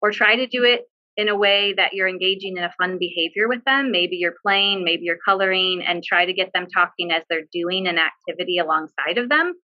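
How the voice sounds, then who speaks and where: A woman's voice: on the low side, fairly quick, muffled recording. A woman working as a bereavement social worker, giving earnest, direct advice with frequent fillers on a video call. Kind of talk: webinar discussion, giving advice.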